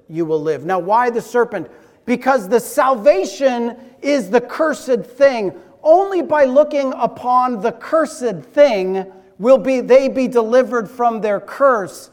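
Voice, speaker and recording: A man delivers a sermon with a high, earnest voice, taking his time over each phrase. He sinks to near-quiet at key points, and the long reverb of a church hall trails after his words. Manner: earnest, varies loudness and drops low for emphasis. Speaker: pastor. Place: church sanctuary.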